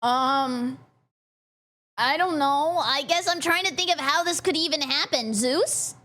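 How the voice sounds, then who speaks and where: A woman's voice: high voice, unhurried, sharp tone. A young adult woman streamer giving giggly, joking commentary while reacting to a video. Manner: bubbly, giggly, jokey asides.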